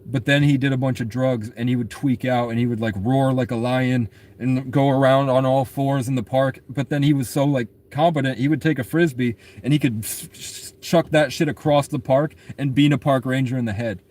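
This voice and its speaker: Young man, mid-pitched, rambling and profane, unscripted storytelling rant. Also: steady tone, normal speed, hardly any pauses, a little mellow. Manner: rambling, profane, laughs at his own stories. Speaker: musician telling his own story.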